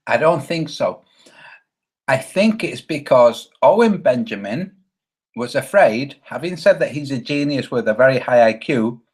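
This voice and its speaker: Male commentator, calm and hesitant, very animated pitch. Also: husky. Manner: measured, hesitant with many fillers. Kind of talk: reaction commentary.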